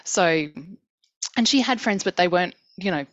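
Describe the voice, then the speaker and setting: A woman, a guest in a casual chat, talking earnestly on a headset in rambling, quick bursts. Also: fairly low pitch, animated, fairly bright tone, dry recording, muffled recording.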